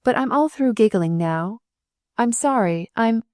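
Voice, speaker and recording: A woman voicing an impulsive, emotional young nurse in an audiobook, talking in high, overwrought bursts. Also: animated, measured pace, a little mellow, no room sound, clean studio sound. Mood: flustered. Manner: overwrought, swinging between wailing and shrieking.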